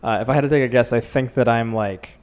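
A man co-hosting a podcast, chatting casually, who laughs often and throws in quick jokes. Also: medium pitch, fairly even intonation, darkish tone, clean tone. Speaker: podcast co-host. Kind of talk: casual comedic chat.

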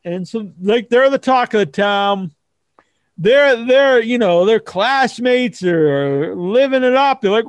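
A man hosting a casual wrestling talk show, rambling and profane, acting out kids in squeaky voices. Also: animated, slow pace, clean tone, no room sound. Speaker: host.

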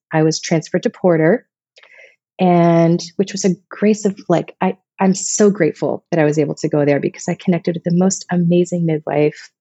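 A woman's voice: on the low side, mellow, husky, no room sound, dull audio. A woman in her thirties from Vermont, telling personal stories in a casual, emotional, rambling way as a podcast guest. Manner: emotional, rambling, many restarts.

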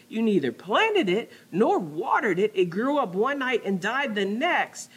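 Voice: medium pitch, a bit bright, slightly rough, pitched above the performer's own voice, full character voice. A preacher acting out God in a sermon, challenging a prophet with exasperated, emphatic questions. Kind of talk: dramatized scripture reading in a sermon.

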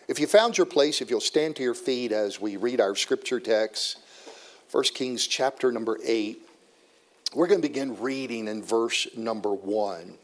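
Folksy preacher man with many fillers. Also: medium pitch. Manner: folksy, joking, halting with fillers. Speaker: visiting preacher. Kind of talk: sermon. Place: church.

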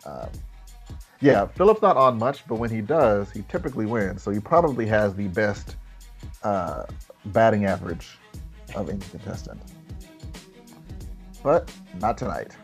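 Male podcast game host, unhurried and wry. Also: on the low side, lively intonation, soft background music. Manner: wry, laughs often, announces scores. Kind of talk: podcast game show hosting.

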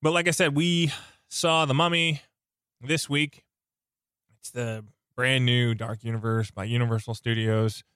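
Male podcast host, under the weather, strained voice, rambling and excited, dry close-mic sound. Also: mid-range voice, a little slow, clean tone, no room sound. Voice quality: sounds like something in his mouth. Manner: rambling, enthusiastic, self-interrupting. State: sick, voice strained. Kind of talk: casual podcast chat.

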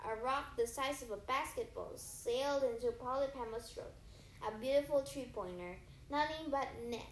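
A woman reading a story aloud in first person, lively, with small stumbles and self-corrections. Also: high-pitched, normal speed, roomy sound, a little hiss or hum, poor audio. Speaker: audiobook reader.

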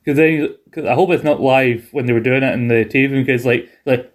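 A man's voice: medium pitch, fairly even intonation, fast talker, hardly any pauses. A man co-hosting a wrestling podcast in casual chat, wry and acting out quotes. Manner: wry, acts out quotes, laughs along. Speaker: podcast co-host.

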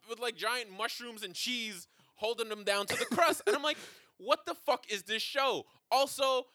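A man co-hosting a podcast, telling stories in casual comedic chat, animated and profane, laughing often. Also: extremely high pitch, moderate pace, no room sound, studio quality. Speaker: podcast co-host.

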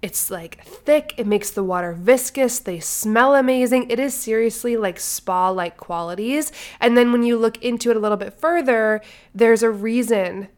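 A woman's voice: on the high side, normal speed, a little mellow. A woman co-hosting a podcast, her voice nasal and stuffy from a cold, chatting upbeat and casual. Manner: upbeat, chatty, fond of "like" and "obsessed". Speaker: podcast co-host. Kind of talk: casual podcast chat and host-read ad.

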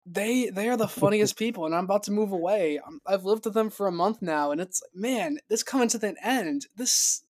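A man's voice: high voice, normal speed, few pauses. A young man telling rambling stories in a casual podcast chat, laughing often and acting out quotes. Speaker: podcast guest.

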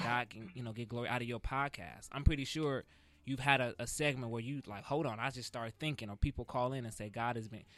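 Bright-voiced earnest young LA man. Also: mid-range voice. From Compton, Los Angeles. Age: young adult. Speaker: podcast guest, performer. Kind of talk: casual chat.

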